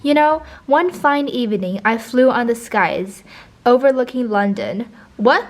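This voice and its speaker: A woman's voice: on the high side, lively intonation, unhurried. A teenage girl giving a casual vlog tour of her school notebooks, playful and giggly, hamming up what she reads aloud. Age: teens. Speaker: vlogger.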